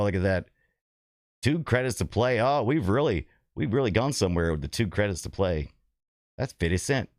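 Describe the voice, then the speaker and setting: Middle-aged male streamer, very low voice, loose rambling chat, light music bed. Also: no room sound. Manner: rambling, chatty, laughs often, reads chat aloud. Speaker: game streamer. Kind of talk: casual live-stream chat and game commentary.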